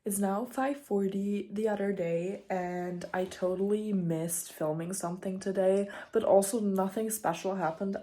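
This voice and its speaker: Young woman vlogger, German accent, mellow tone, rambling and casual. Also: mid-range voice. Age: young adult. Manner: chatty, rambling, informal. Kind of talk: casual vlog chat.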